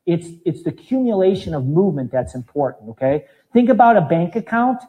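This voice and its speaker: A man in his fifties gives a live talk as a fitness trainer, animated and demonstrating moves as he goes. His voice sits high for a man, with a mellow, soft-edged tone. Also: brisk, poor audio. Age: 50s.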